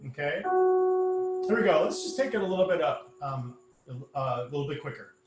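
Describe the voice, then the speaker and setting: Speaking briskly in a slightly high voice, a choir director works through a sectional rehearsal, patiently explaining the music step by step and filling gaps with lots of ums and uhs. It's an online rehearsal recording from an echoey room with instrument music.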